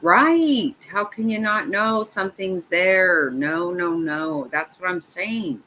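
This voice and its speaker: The speaker is a middle-aged woman hosting a livestream, her voice on the low side and her pace slow. She tells stories with animation and plenty of laughter in a casual chat. Audio is poor, with a little hiss or hum.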